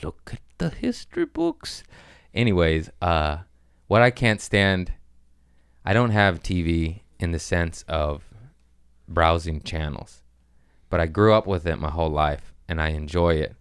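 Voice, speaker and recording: A man with a deep, smooth, resonant voice hosts a comedy podcast, talking in a loose, rambling rant full of crude jokes. He punches certain lines with sudden bursts of loudness. The sound is dry and close. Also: sing-song, unhurried, no echo.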